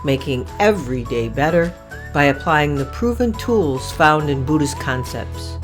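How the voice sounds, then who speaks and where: Slow, reflective podcast host. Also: medium pitch, lively intonation, over music. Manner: unhurried and self-deprecating, thinking aloud with pauses. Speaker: podcast host teaching Buddhism. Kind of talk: reflective solo podcast talk.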